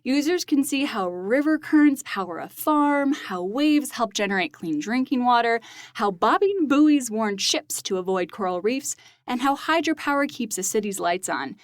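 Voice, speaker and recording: A woman co-hosting a science podcast, sharing facts in an upbeat, semi-scripted way with quick asides. Her voice sits fairly high, and the studio sound is close and dry. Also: expressive, no echo. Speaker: podcast co-host.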